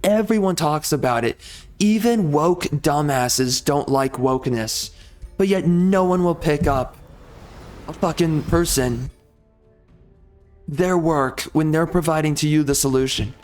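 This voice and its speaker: Furious man ranting, fairly high voice. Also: a little slow, a little mellow, soft background music. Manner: profane, heated, repetitive. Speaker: gaming YouTuber. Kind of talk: angry rant to camera.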